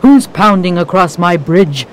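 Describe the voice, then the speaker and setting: A woman voicing an enormous, horrible male troll who lives under a bridge, speaking gruffly and menacingly. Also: on the low side, expressive, a little slow, a little hiss or hum.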